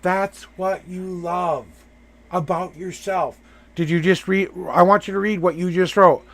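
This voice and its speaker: A man's voice: high voice, steady tone, measured pace. A man hosting a live tarot reading, coaching the person he reads for with emphatic, repeated affirmations.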